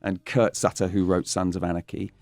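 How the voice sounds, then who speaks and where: Man, Essex English accent, actor guest, animated storyteller, lowish voice, dry room. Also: brisk, no room sound. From Essex, England. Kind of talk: casual interview chat.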